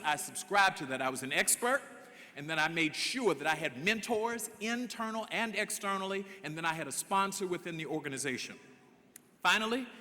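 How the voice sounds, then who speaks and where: Male commencement speaker, high-ish and bright, preacherly and emphatic, voices characters in his anecdotes, long reverb of a big hall. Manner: emphatic, preacherly, draws out key words; acts out dialogue in his stories. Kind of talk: commencement address. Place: large hall.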